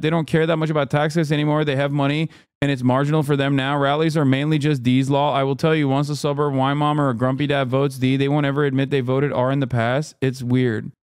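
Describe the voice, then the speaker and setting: A man streaming political commentary, ranting in an animated, exasperated way and slipping into sarcastic mock voices. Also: on the high side, no room sound, clean studio sound. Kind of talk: live-stream political commentary, reacting to chat.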